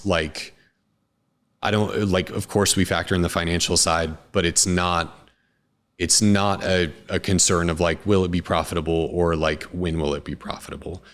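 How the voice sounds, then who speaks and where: Man, very low voice, interview guest, relaxed, rambling, filler-heavy. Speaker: restaurant co-founder and CEO. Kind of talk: casual interview talk.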